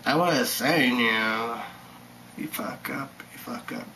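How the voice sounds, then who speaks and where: Slow, rambling man with faint hiss. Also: medium pitch. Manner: meandering, mutters and drops to whispers, bursts into sung chants. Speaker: vlogger. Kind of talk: rambling casual monologue.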